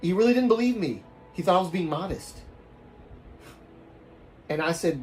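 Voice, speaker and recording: There's slight noise behind this man's high-pitched, expressive voice as he tells a story on a livestream at a moderate pace, pausing often. He has a Southern US accent and rambles casually, restarting often and trailing off softly.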